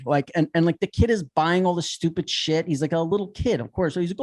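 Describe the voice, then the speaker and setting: A man co-hosting a podcast, telling a story in an animated, ranting way with lots of swearing. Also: high voice, fairly quick, few pauses. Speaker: podcast co-host. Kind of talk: casual chat.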